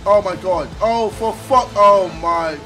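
A young man commentating his own gameplay, yelling, swearing and trash-talking his opponent. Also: sits high, a little slow. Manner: loud, swearing trash talk, yelling at the game. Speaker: gaming channel host. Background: music.

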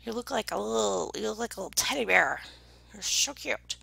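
A woman in casual chat with her viewers, gushing and excitable, thanking people by name and now and then dropping into a whisper. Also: medium pitch, quick pace, creaky, breathy edge, no echo. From United Kingdom. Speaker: vlogger opening viewer gifts.

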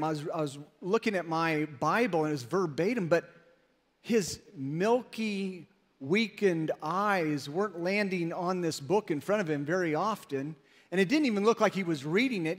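High-voiced man preaching in a hall. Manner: storytelling, emphatic. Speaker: pastor. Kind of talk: sermon. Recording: long reverb in a large hall.

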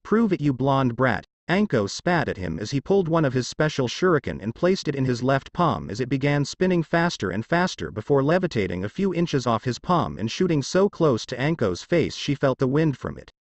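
A man reads fan fiction aloud, steady and plain, though his pitch moves a lot. The sound is dry and close to the mic. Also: fairly quick, few pauses, dry recording. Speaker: narrator.

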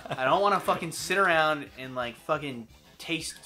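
A man's voice: on the high side, expressive, normal speed, pushed and bright, soft background music. A man giving casual gameplay commentary, exasperated and swearing constantly at the game. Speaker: let's play host.

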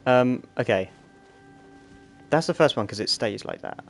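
A man talks through a video game at an unhurried pace, thinking out loud as he works through puzzles. His pitch swings widely and expressively, and he slips in jokes to himself. Faint game music plays underneath. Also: expressive. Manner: puzzling aloud, joking to himself. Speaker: gaming streamer. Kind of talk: casual gameplay commentary.

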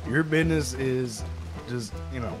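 A man's voice: medium pitch, normal speed, music in the background. Sarcastic fed-up man in game roleplay. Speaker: roleplay player acting a fellow captive.

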